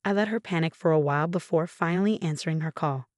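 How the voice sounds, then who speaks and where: A woman narrating a story in a measured, even way. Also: sits low, no room sound, studio quality.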